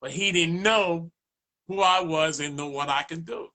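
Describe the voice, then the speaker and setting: A man tells stories as a DJ guest in a relaxed interview. His voice sits a bit high and bright, and it jumps up when he plays out other people's lines. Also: unhurried. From Boston, USA. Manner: animated, acts out dialogue in raised voice. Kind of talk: casual storytelling interview.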